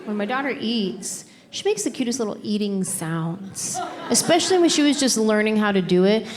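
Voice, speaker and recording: A middle-aged woman doing stand-up comedy on stage through a handheld mic, telling her stories in an exasperated, animated, playful way. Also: medium pitch, moderate pace. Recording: live comedy show with laughing crowd. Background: audience laughter and applause.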